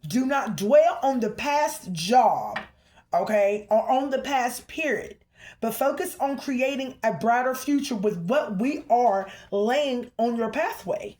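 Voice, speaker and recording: A fairly high-voiced woman delivers a collective spiritual reading to her viewers. She speaks with emphasis, keeps punctuating her points with "okay?", and calls out to the ancestors as she goes. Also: slow pace. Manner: emphatic, repeatedly checks in with "okay?"; excited and bouncy at moments. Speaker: spiritual reader.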